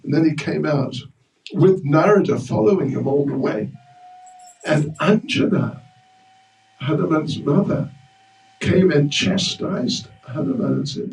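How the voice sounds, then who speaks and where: Slow, lively man telling a temple story. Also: fairly high pitch, gravelly. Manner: lively, joking with the audience. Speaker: class speaker at a temple. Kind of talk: storytelling religious class. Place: temple hall. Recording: roomy hall, mic far off.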